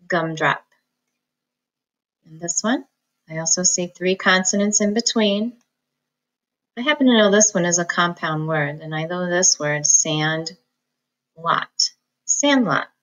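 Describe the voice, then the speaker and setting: A woman's voice: on the low side, poor audio. A woman teaching a phonics lesson, patiently sounding out words syllable by syllable. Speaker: reading teacher.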